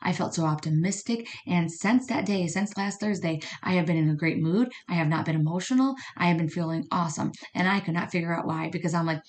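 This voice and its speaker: Speaking fairly quickly with hardly any pauses, a woman with a fairly low voice delivers a conversational podcast monologue. She's a medium and card reader who checks in with her audience constantly, peppering her talk with "right?" and "you know what I mean."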